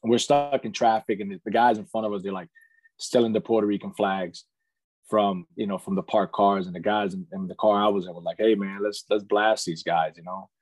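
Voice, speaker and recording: A man's voice: fairly low pitch, steady tone, brisk, darkish tone, slightly rough, no echo. A man in his thirties, a podcast guest, candidly telling his life story in casual conversation, earnest, peppering his speech with "man" and "you know.". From United States.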